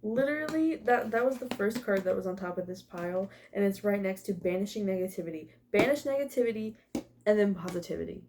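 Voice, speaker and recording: Gravelly, mellow-voiced woman reading cards. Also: mid-range voice, lively intonation, fast, slight background noise. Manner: emotional, swears casually, laughs often. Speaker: tarot reader. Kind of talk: casual card reading.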